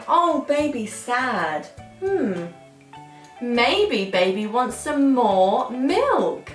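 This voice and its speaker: British female children's presenter, high and drawn-out, sings often; recorded a bit off-mic in a roomy space. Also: big pitch swings. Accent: British English. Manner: slow, exaggerated, sing-song with frequent singing. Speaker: toddler speech teacher. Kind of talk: sing-song toddler lesson. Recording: roomy, slightly distant mic with faint music.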